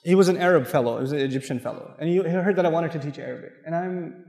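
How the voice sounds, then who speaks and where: A man's voice: on the high side, very fast, creaky, darkish tone. A middle-aged man from Pakistan giving a storytelling mosque lecture, acting out quotes and laughing often. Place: large mosque hall. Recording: echoey hall.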